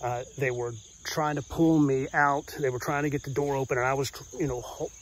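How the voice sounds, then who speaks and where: A man's voice: medium pitch, steady tone, fairly quick, a little hiss or hum, poor audio. Rambling storyteller man, crickets behind. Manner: rambling and intense, with many restarts and "you know"s. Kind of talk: telling a true story from his youth.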